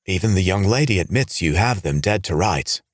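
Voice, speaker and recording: A man voicing a level-headed geologist who reasons calmly to defuse a standoff, in an audiobook. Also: sits low, dry recording, studio quality. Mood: reasoning. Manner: measured, reasoning. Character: calm diplomatic male geologist.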